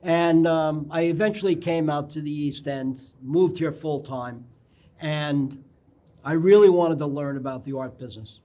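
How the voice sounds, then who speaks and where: An older man, a guest on a local TV interview, telling anecdotes in a rambling way and often clearing his throat. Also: a little high, unhurried, mellow. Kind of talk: casual interview storytelling. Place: local TV studio.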